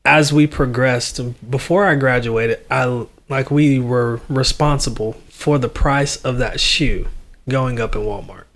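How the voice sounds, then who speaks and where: A young man, a podcast guest telling an animated, slangy story and laughing often. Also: mid-range voice, measured pace. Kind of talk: casual chat.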